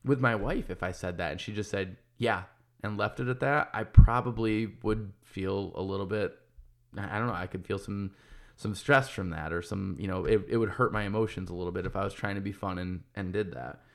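This podcast host and business owner, a man in his thirties, has a low-pitched, fairly bright voice with vocal fry and talks a little fast. His casual monologue is frank and full of swearing, with sentences restarted as he thinks things through.

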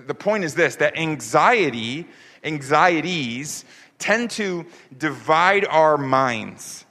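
A man's voice: mid-range voice, pushed and bright. A man preaching a sermon, emphatic, asking rhetorical questions of the congregation. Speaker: pastor. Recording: long hall reverb.

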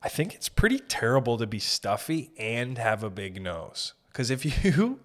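A man's voice: medium pitch, very animated, normal speed, hardly any pauses. Canadian guy with a blocked nose, swearing a lot, joking around rambling on his podcast. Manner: rambling, profane, jokey. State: stuffy nose. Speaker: podcast host. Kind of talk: casual comedic monologue.

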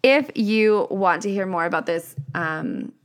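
A woman hosts a motivational solo podcast in a casual, gushing style, swearing a lot and leaning heavily on "like" as a filler. Her mid-range voice has lively intonation, and she speaks unhurriedly.

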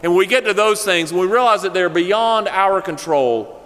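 A man's voice: high-pitched, animated, normal speed, fairly bright tone. Man preaching in an echoing hall. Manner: storytelling with a joke, then earnest exhortation. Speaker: pastor. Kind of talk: sermon. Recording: long hall reverb.

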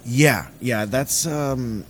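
A young man from southwest Louisiana, a guest comedian in casual chat, who talks haltingly with many fillers. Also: mid-range voice, slight background noise. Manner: hesitant, lots of "like" and "um". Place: bar.

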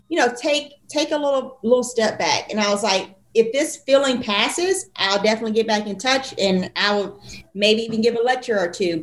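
A woman tells a story in a loose podcast chat, lively and expressive as she acts out each exchange in quoted voices. Her voice sits a little high. The room around her is echoey. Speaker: podcast co-host and physician.

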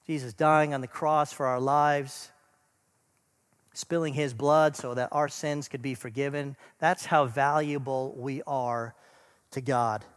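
A middle-aged man preaching a sermon, earnest, building to emphatic lists and then dropping to a soft, quiet close. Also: medium pitch, big-room sound. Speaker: pastor.

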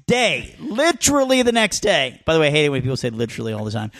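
Man, high voice, very lively pitch, animated storyteller, casual swearing, podcast chat. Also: quick pace. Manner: animated storyteller who swears freely and acts out scenes.

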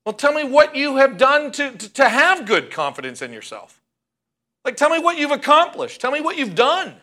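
A man voicing a brisk, demanding female radio advice host who fires pointed questions at a caller. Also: very high-pitched, sing-song, sharp tone, voice pushed up, exaggerated voice. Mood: challenging.

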